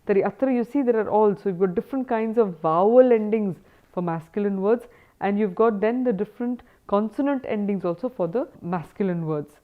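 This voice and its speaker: A woman's voice: medium pitch, brisk. A woman teaching Sanskrit grammar in a recorded lecture, mixing English with Sanskrit terms and checking in with her students. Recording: tinny phone-like sound.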